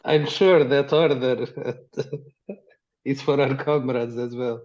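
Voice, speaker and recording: A man's voice: mid-range voice, steady tone, slow pace, darkish tone. A man playing a tabletop game, hesitant and stumbling over his words, on dull lo-fi audio. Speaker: player. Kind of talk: casual tabletop play.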